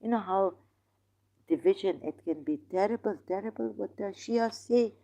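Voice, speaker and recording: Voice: medium pitch, normal speed, vocal fry, mellow. A host giving a casual, rambling monologue of religious commentary in broken, non-native English, arguing and putting questions to the listener. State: in neck pain, groaning.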